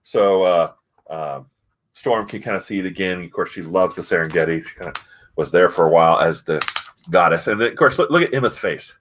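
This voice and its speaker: A man's voice: deep voice, expressive, brisk, a bit bright. A man casually reviewing comic books, rambling with many fillers and restarts.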